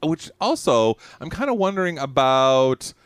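A man's voice: medium pitch, very animated, measured pace, smooth, no echo. A man co-hosting a radio talk show in the studio, chatting casually and telling stories with many fillers. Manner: rambling storyteller, many fillers. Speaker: radio co-host. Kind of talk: casual chat.

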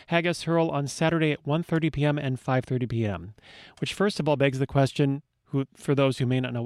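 A man's voice: on the high side, a little mellow, no echo, studio quality. A man hosting a radio show, with a playful, wry delivery. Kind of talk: scripted radio talk.

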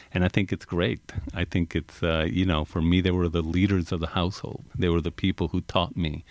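A man's voice: low-pitched, vocal fry, dry recording. A male author reading from his book, then talking reflectively in an interview with many restarts. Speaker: author, guest. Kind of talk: reading aloud and interview talk.

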